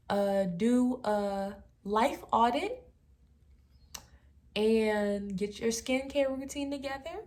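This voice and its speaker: A young woman in her twenties vlogging, talking straight to camera in a relaxed, chatty way with soft trailing asides. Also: fairly high pitch. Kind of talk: casual talking-to-camera commentary.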